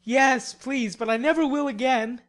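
A woman's voice: high-pitched, a little slow, voice pushed up. A woman voicing a playful, mischievous young man in an audiobook reading, speaking in a teasing, cheerful way. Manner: teasing, cheerful, mock-penitent.

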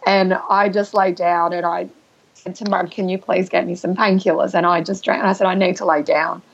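A woman guest telling a personal story in conversation, halting and emotional, with restarts and throat-clearing. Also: fairly low pitch, flat delivery. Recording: dull lo-fi recording.

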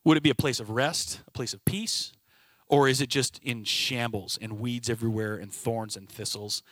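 A middle-aged team leader at a brokerage shares a personal testimony about his work life, reflective and earnest, telling it as a story and quoting others in conversation. His mid-range, fairly bright voice keeps a moderate pace and fairly even intonation in a dry recording.

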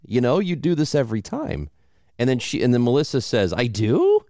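A young man from Southern Illinois, with a slight accent from the region, chats casually as a podcast co-host and tells stories animatedly, restarting many times. His voice is medium-pitched and a little fast, recorded with studio quality and no room sound.

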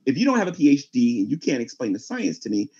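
Forceful preachy man, lively pitch. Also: fast talker, breathy edge, dull audio. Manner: forceful, preachy, talks over others. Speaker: Christian debater. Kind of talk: heated online debate.

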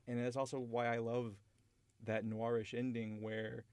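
A man's voice: mid-range voice, level tone, a little slow, darkish tone, smooth, no echo. A man hosting a podcast, talking through a film he loves in a rambling, enthusiastic way with many restarts. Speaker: podcast host. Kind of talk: casual film discussion.

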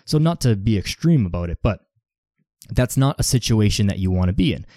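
Guy rambling on his podcast, lots of likes, warm lowish voice. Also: very animated, fairly quick, dry recording, clean studio sound. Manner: rambling, heavy use of "like" fillers. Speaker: fitness podcast host. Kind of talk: casual solo podcast talk.

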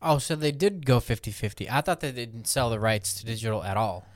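A man co-hosting a casual podcast who talks fast and bluntly. He gets exasperated easily and swears now and then. The sound is dry and close. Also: medium pitch, expressive, no room sound. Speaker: podcast co-host.

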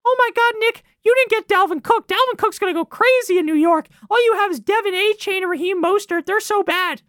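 A man putting on the voice of a gloating, whiny male football fan, shrill and mocking. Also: fairly quick, sharp tone, no room sound, studio quality.

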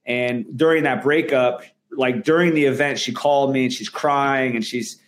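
A man's voice: medium pitch, fairly even intonation, moderate pace, slight background noise. Male guest; earnest, emphatic talker with frequent restarts. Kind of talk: candid interview conversation.

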